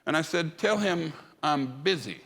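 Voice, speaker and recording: A man delivers a humorous storytelling keynote in a large conference hall, with reverberant hall sound. His voice is on the high side, animated, a bit bright, and a little slow. He acts out the dialogue as he goes.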